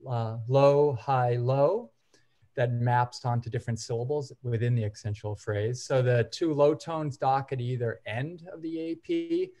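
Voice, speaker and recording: A man with a mellow, warm voice gives an academic seminar presentation. He explains each point in a measured way and walks his listeners through examples one at a time. His pitch sits at an ordinary middle level for a man.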